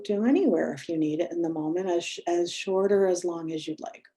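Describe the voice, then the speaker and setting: A middle-aged woman, a mindfulness and yoga instructor, guiding breathing and chatting gently and self-deprecatingly to a group over a video call. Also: lowish voice, fairly quick, hardly any pauses. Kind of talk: guided breathing and casual talk to a group.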